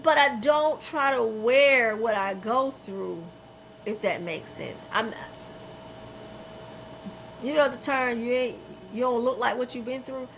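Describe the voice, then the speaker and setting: A woman's voice: fairly high pitch, slow, vocal fry, pauses often, slight background noise, low-quality recording. A middle-aged woman hosting a podcast, talking in a candid, emphatic and unfiltered way, often repeating herself for weight. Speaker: podcast host.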